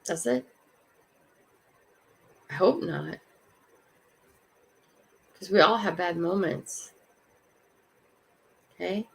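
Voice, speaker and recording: A woman's voice: fairly low pitch, drawn-out words, gravelly, pauses often, a bit bright. An older woman hosting a morning livestream, greeting viewers by name and musing aloud in a casual, reflective way. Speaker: livestream host. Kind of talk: casual live chat.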